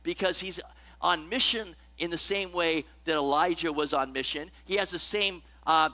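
A man's voice: fairly high pitch, moderate pace, bright, forceful tone. A man preaching a sermon in a conversational way, often checking in with the congregation and reading scripture with rising emphasis. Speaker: pastor.

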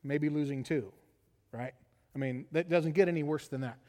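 A middle-aged man preaches from the pulpit, his voice pitched high. He tells a personal story with animated energy and tags many lines with "right?". His words ring out in the long reverb of a church sanctuary. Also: normal speed. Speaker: pastor.

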